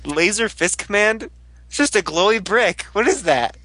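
Young man, casual podcast banter, high and very lively, dry close sound. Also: moderate pace, dry recording, poor audio. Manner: animated, jokey, laughs often.

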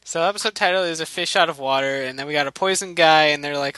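Man, casual comedic recap, rambling, profane, bright, dry sound. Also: fairly high pitch, quick pace, no echo, poor audio. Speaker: show recap host.

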